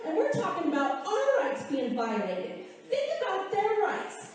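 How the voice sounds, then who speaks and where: An emotional woman delivers an impassioned speech at a public meeting, her high voice swinging widely. She is heard from far away in a big hall with a long, booming echo. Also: sing-song, moderate pace, hardly any pauses, a little mellow. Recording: echoey hall recorded from far off.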